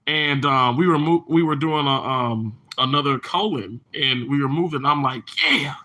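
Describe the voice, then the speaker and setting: A man's voice: mid-range voice, moderate pace, pushed and bright. A man hosting a casual livestream, talking in long rambling stretches and greeting viewers by name as he reads their comments. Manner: rambling and chatty, with many restarts and fillers. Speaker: livestream host reading chat. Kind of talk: casual live chat.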